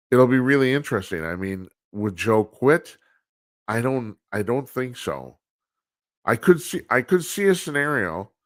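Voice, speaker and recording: Blunt low-voiced talk show host. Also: male voice, a bit bright, no room sound, studio quality. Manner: rambling, blunt and profane, with frequent restarts. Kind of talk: casual political commentary monologue. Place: studio, live broadcast with video calls.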